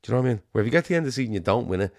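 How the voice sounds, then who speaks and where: A middle-aged man with a Liverpool accent, co-hosting a casual football chat, animated and sweary, rambling with restarts. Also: mid-range voice, rapid-fire, vocal fry, dry recording, clean studio sound. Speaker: podcast co-host.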